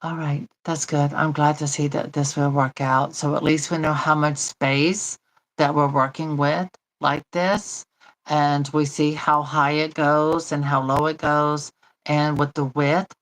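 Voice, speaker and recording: Low-voiced chatty woman host. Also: little pitch movement, unhurried, rough recording. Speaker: doll channel host. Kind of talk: casual chat while demonstrating.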